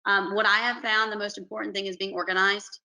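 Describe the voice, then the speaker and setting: A periodontist woman from Alabama, talking earnestly and warmly over a video call on a panel. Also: medium pitch, level tone, fast, poor audio. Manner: earnest, effusive, says "y'all".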